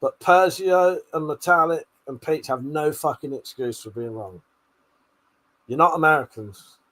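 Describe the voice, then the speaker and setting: A man's voice: fairly high pitch, measured pace, a bit bright. A British man hosting a live stream, reading out viewer comments and teasing them, swearing and laughing a lot, a little tipsy. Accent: British English. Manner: laughs often, swears, banters and teases the chat. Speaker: livestream host.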